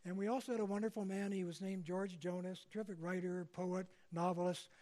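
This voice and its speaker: Higher-voiced older man lecturing. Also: level tone, fairly quick, mellow. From Canada. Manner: conversational, frequent tag questions. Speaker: speaker. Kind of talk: public lecture.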